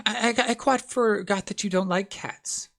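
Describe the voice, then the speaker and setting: A man voicing a polite, eager little girl in a high, halting voice with stammers. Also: vocal fry, a bit bright. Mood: apologetic.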